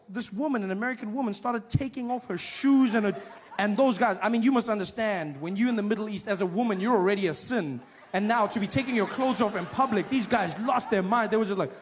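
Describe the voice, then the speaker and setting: High-ish guy doing a stand-up bit on stage, jumps into voices while telling stories. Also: quick pace, some chatter behind, a little hiss or hum. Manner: animated storytelling that jumps into acted-out voices. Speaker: stand-up comedian. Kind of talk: stand-up comedy routine. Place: on stage before a live audience.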